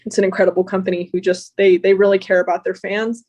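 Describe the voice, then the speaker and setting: Earnest woman with a flat delivery. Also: mid-range voice, quick pace, highs cut off. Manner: earnest, talkative. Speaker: guest. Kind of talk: casual interview chat.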